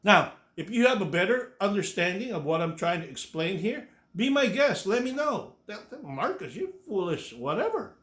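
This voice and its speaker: Animated and coughing, a man in his sixties rants bluntly at his YouTube audience in an opinionated monologue full of profanity, repetition and restarts. His voice sits high with a slightly bright tone, moving at a moderate pace with few pauses.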